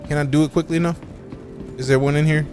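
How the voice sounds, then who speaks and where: A man's voice: fairly high pitch, fairly even intonation, quick pace, darkish tone, faint music behind. A man live-streaming a game, chatting casually with his viewers and joking around with playful, mock-offended trash talk full of slang.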